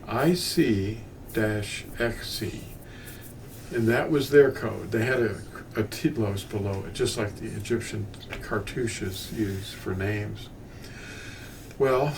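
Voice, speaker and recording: This older Bible teacher has a darkish voice on the low side. He wanders through his scripture lesson unscripted, breaking off into asides and restarting sentences often, captured by a distant mic with light background noise.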